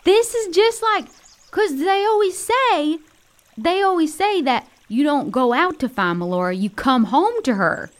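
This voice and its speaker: An animated woman at a tabletop game, tossing in quick asides with a lively, swooping voice. She sits a bit higher than most women. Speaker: player.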